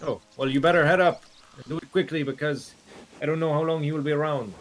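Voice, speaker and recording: A man role-playing a gang member who gives measured, businesslike instructions. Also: a little high, fairly even intonation, a little hiss or hum. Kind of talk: in-character role-play.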